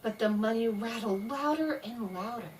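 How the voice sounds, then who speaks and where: A woman reading a scary story aloud in a slow, dramatic way, voicing the sound effects herself. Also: a little high, lively intonation, darkish tone, distant mic, slight background noise, poor audio. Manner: slow spooky delivery with voiced sound effects.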